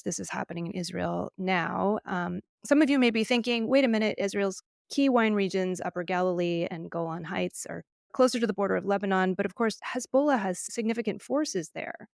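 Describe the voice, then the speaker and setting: A middle-aged woman co-hosting a podcast, explaining news in an earnest, measured way. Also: lowish voice, creaky, no room sound, clean studio sound. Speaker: podcast co-host, wine journalist. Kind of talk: casual news podcast chat.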